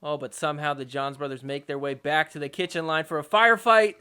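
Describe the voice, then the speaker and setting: A man hosting a podcast who gives excitable, joking recap commentary over match clips and swears freely. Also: on the high side, normal speed, clear, resonant tone. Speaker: podcast host.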